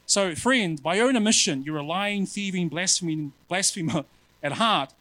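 A male preacher giving a sermon in an animated, self-mocking way, often calling his listeners family. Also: high voice, moderate pace, no echo, poor audio.

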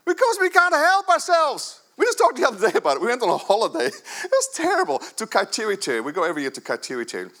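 A man in his fifties, a pastor giving a jokey, animated sermon at a church service, swinging between loud bursts and soft asides. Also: high-pitched, fast, hardly any pauses.

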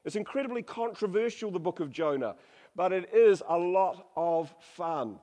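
Male preacher, high voice, dramatic and humorous, long hall reverb. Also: lively intonation, normal speed, dark tone. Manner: dramatic, humorous, varies voice for quotes. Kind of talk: sermon with Bible reading.

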